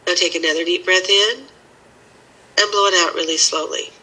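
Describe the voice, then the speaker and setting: A woman teaching a healing method and leading a slow, soothing guided meditation. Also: on the low side, steady tone, sharp tone, slightly rough, rough recording. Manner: slow, soothing guiding instructions.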